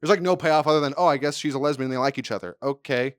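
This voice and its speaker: A man's voice: a little high, fast, clean tone, no echo, studio quality. A man co-hosting a podcast in casual chat, rambling and swearing as he acts out quotes. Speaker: podcast co-host.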